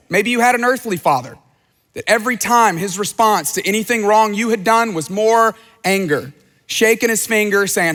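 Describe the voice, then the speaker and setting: A man preaches a sermon with earnest conviction, acting out the words of the people he quotes. His voice sits high for a man. A long reverb trails behind him, as in a large church. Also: animated, normal speed, fairly bright tone. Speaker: pastor.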